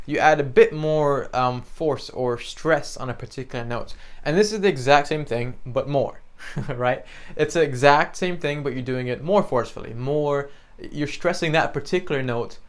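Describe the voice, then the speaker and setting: Young male piano teacher, casual explainer, smooth clear voice, conversational check-ins. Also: medium pitch. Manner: chatty, explains with many "right?" and "you know", sings examples. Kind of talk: casual spoken lesson.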